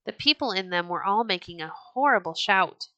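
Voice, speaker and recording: A woman reading a children's storybook aloud as a podcast storyteller, measured and expressive. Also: medium pitch, no echo, lo-fi sound.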